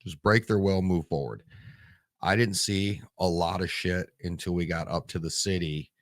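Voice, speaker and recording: A man's voice: low-pitched, fairly even intonation, moderate pace, no echo, clean studio sound. A man in his forties from Michigan, a veteran guest telling stories bluntly and with lots of swearing in a casual interview. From Michigan, USA. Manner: blunt and profane, rambling.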